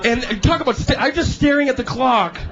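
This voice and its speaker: A male stand-up comedian doing a lively routine, animated and shouting at times, slipping into high put-on voices. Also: brisk, a crowd in the background, background noise. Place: comedy club stage. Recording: dull live club recording, audience. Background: audience laughter.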